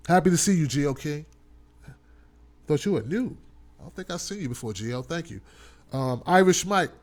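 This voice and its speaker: Speaking at normal speed with lively intonation, a slightly high-voiced man hosts a live online talk show full of chat shout-outs. He rallies his audience earnestly, repetitively, and in informal speech.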